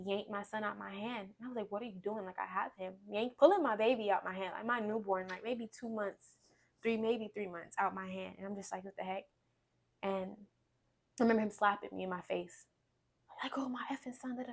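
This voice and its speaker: A woman recounts her own hard experience as a testimony. She talks in a rambling, halting way, stopping and restarting as she goes, in a voice of middling pitch. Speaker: guest sharing her testimony. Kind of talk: emotional personal testimony.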